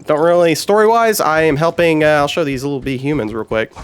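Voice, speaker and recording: A man's voice: a little high, a little fast, clear, resonant tone. Stuffy-nosed man with joking, rambling chatter. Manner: joking, rambling, self-correcting. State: nasal from a sinus infection. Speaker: game reviewer host. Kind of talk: casual game review commentary. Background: game soundtrack music.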